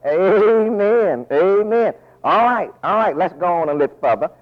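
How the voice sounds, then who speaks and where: A man preaching a folksy, animated sermon full of asides, recorded as a dull lo-fi radio broadcast. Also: high voice, a little slow.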